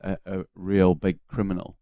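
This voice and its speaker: A man's voice: deep voice, completely flat delivery, normal speed, dry recording, phone-quality sound. A man in his forties with a New Zealand accent, a former cricketer telling laid-back anecdotes as a guest on a casual radio chat.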